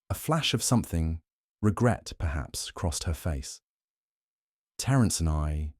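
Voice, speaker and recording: A man narrates a mystery audiobook in the first person, measured and even. His voice is deep, and the recording is dry and close with no room sound. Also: no echo.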